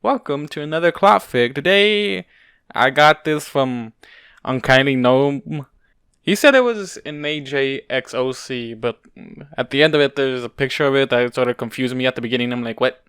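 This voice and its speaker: A man's voice: mid-range voice, normal speed, fairly bright tone, clear, resonant tone, no echo, studio quality. A man casually reading a first-person story aloud, offhand and unpolished, leaving his slips and restarts in. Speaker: fanfiction reader.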